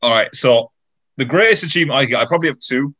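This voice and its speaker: A man's voice: medium pitch, racing, pushed and bright. A 21-year-old man co-hosting a casual podcast, rambling and stacking up fillers as he talks. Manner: rambling, full of "like" and restarts. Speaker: podcast co-host.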